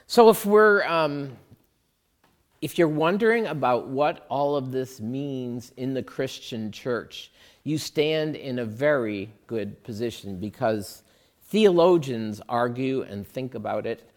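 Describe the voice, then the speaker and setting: A man's voice: medium pitch, lively intonation, slow. A man preaching a sermon in a conversational way, thinking aloud with fillers and asides. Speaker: pastor.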